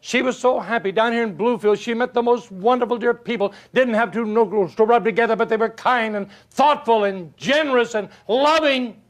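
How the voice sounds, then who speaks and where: An older man giving a motivational talk, telling folksy stories and asking rhetorical questions, swinging from loud to hushed. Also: extremely high pitch, normal speed, hardly any pauses. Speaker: motivational speaker. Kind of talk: motivational speech.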